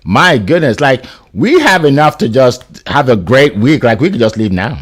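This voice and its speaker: A man's voice: medium pitch, moderate pace, few pauses. A man hosting an online panel on a video call, talking casually with many fillers and restarts. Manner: animated, filler-heavy, restarts. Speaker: host.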